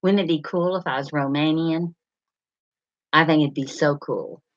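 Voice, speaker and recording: A middle-aged woman with a deep voice talks at normal speed during a casual livestream, rambling as she reads comments and names the viewers who sent them. The lo-fi audio sounds a little dull.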